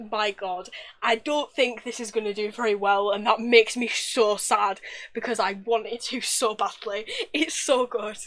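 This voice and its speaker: Gushing woman co-host, high and bright-toned, casual podcast chat. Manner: gushing, effusive.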